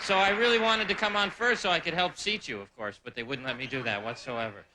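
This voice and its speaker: Man, stand-up comic, self-deprecating, rambling asides, slightly high voice, noisy live recording. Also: fairly even intonation, fast talker, over a noisy crowd. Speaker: stand-up comedian. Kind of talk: stand-up comedy set. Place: live stage before a laughing audience.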